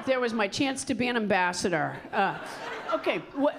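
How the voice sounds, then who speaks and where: A middle-aged woman doing stand-up, chatting with the crowd in a wry, halting way that keeps interrupting itself. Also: on the high side, animated, vocal fry, noisy background. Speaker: stand-up comedian hosting. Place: comedy club stage. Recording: live club with audience. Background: crowd laughter.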